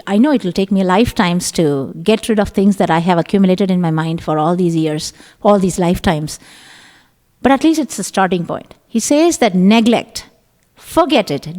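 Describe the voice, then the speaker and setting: A woman with a mid-range, slightly mellow voice leads a temple group through a chatty scripture class in an echoey temple hall. Now and then she voices her own thoughts as quotes.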